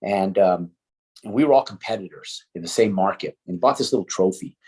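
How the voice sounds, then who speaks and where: A middle-aged man tells a story from his own past, relaxed and conversational. His voice sits a bit low and has a husky edge. He swears freely and acts out other people's lines in dialogue. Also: fairly quick. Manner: swears casually, animated with quoted dialogue. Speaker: interview guest, entrepreneur. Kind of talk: casual storytelling.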